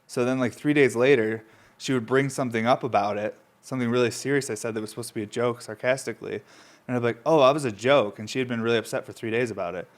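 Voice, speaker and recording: A young man from upstate New York, stoned and sniffling, rambles through stories on his own podcast at a mid-range pitch. He coughs now and then and swears freely, drifting from one story to the next in a loose, unscripted way. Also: steady tone, quick pace. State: stoned, runny nose. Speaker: podcast host. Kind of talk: casual rambling monologue.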